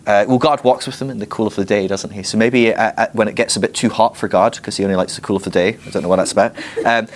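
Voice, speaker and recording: A man teaching a Bible class in a playful, animated way, acting out little scenes with humor. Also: lowish voice.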